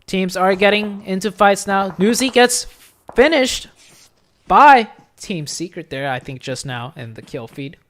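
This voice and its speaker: A solo esports caster streaming play-by-play from a home setup. The voice drifts between offhand chatter and sudden excited calls whenever the shooting starts. Faint game gunfire runs underneath. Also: medium pitch, a little hiss or hum. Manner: chatty and offhand in lulls, bursting into excited calls during fights.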